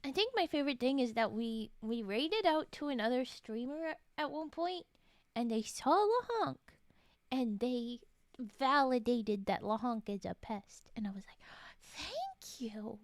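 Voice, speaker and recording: A woman live-streaming and chatting casually with her viewers, playfully teasing, talking softly, often murmuring or whispering, and sleepy. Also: a little high, lively intonation, a little slow, dry recording, clean studio sound. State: sleepy, yawning. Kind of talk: casual live-stream chat while folding origami.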